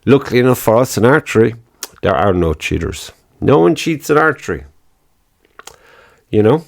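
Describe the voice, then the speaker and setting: A man's voice: mid-range voice, very animated, moderate pace, creaky. A man hosting his own podcast in casual solo chat, rambling, swearing freely and laughing at his own remarks. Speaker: podcast host.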